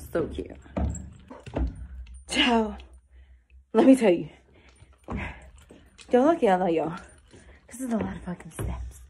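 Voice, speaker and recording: A young woman vlogging casually outdoors, chatty and excitable, talking straight to her viewers on a handheld phone. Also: on the high side, slight background noise. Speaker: lifestyle vlogger. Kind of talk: casual vlog tour. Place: outdoors, rooftop and parking area.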